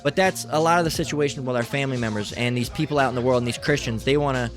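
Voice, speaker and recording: A man preaching an informal sermon in a mid-range voice, blunt and often profane. He keeps circling back with "all right" and "okay" as he makes his points. Faint music sits low in the background. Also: racing.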